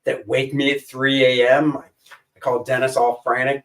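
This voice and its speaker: A man's voice: medium pitch, level tone, normal speed, a bit bright, far from the mic, poor audio. A man co-hosting a casual chat show, rambling and joking as he pages through comics. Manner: jokey, rambling, flips voices for quotes. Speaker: co-host.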